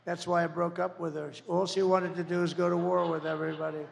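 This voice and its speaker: A man's voice: high voice, level tone, fast talker, creaky, big-room sound, slight background noise. A man giving a rambling, repetitive rally speech as a political candidate, jabbing with insults and asides. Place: large campaign event venue.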